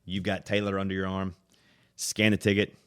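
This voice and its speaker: A man's voice: normal speed, clear, resonant tone. A man from the United States, hosting a podcast and animatedly telling a travel story in casual chat. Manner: animated storyteller, acts out voices with loud high-pitched impressions. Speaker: podcast host.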